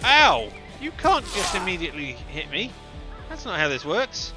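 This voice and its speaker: A man's voice: high voice, big pitch swings, normal speed. A man giving rambling let's-play commentary, chatting through his game and yelping when he gets hit. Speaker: gameplay commentator. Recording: loud game music underneath.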